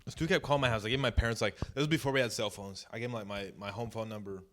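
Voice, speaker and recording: A man's voice: on the low side, steady tone, racing. A man from Oregon hosting a podcast, telling stories in rambling, profane casual chat full of restarts. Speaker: podcast host. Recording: noisy recording.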